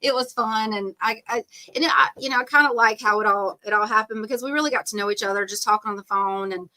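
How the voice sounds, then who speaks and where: A middle-aged woman with a bright, clear tone tells a long personal story on a podcast. She rambles loosely, fills pauses with "um" and "like" and laughs easily. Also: a little high. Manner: chatty, rambling, full of "um" and "like", laughs often. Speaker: podcast guest. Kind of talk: casual storytelling interview.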